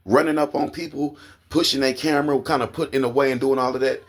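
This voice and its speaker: A man with an Oklahoma accent ranting angrily to camera, profane and heated, his voice climbing into high indignant peaks. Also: steady tone, fast. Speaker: vlogger. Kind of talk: angry rant to camera.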